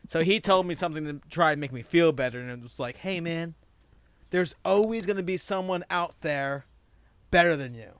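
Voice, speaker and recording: A man with a fairly high voice hosts an outdoor podcast. He tells stories with gusto, acting out what people said and swearing freely. The sound is close and dry. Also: moderate pace, clean tone, dry recording. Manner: animated storyteller who acts out quotes and swears freely. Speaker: podcast host. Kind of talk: casual chat.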